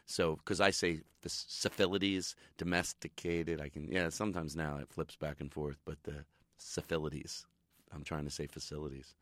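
A middle-aged male comedian giving a candid interview, animated and self-deprecating, laughing often. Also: a bass voice, moderate pace, no echo. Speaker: comedian guest.

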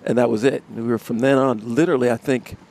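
A gravelly-voiced man tells animated stories in a casual radio interview and laughs often. He sits at a live broadcast mic out of doors. His pitch sits mid-range. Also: quick pace. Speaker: musician guest. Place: outdoors in front of a music studio complex.

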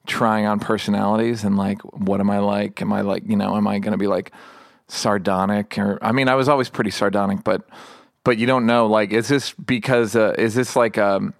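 A middle-aged man with a low, gravelly voice talks candidly as an interview guest, his thoughts rambling and restarting, full of dry self-deprecation. The sound is close and dry, with no room around it. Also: steady tone, normal speed, no echo.

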